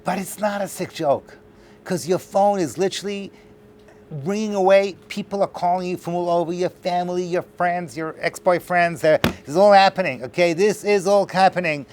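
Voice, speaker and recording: Animated high-voiced man lecturing. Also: moderate pace, slight background noise. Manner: animated, joking, talks straight to the audience. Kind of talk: lively class lecture to a live audience. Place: class hall with an audience.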